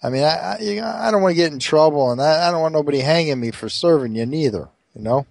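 A man playing a flustered old-west saloon keeper, jumping high and wide as he frets and rants. He rattles off his lines in a hurry. The sound is dry and close. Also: lively intonation, gravelly, no room sound. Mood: nervous. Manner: rattled, rapid, shouting.

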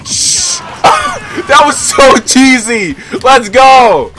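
A young man giving loud, excitable live commentary while playing a fighting game, swearing and laughing as he plays. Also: extremely high pitch, drawn-out words. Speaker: gaming YouTuber. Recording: game music playing behind.

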